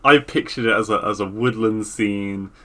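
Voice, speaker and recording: A laid-back man co-hosting a casual podcast, with a bright, forceful voice pitched fairly low. He trails off often and drops swear words easily. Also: moderate pace. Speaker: podcast co-host. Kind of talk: casual chat.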